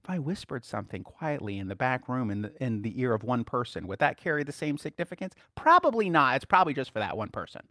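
A man's voice: medium pitch, sing-song, fast, few pauses, a bit bright, no room sound, studio quality. A male preacher teaching a sermon to a small group, asking rhetorical questions and chuckling often as he talks.

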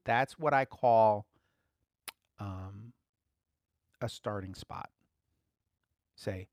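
A man giving conversational Bible teaching as a preacher, relaxed, laughing lightly and repeating key phrases. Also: on the low side, extremely slow, long pauses, dry recording, studio quality.

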